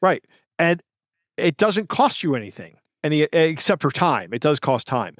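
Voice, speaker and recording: A man co-hosting a podcast in casual chat, relaxed and a little halting. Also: on the high side, no room sound, clean studio sound. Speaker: podcast co-host.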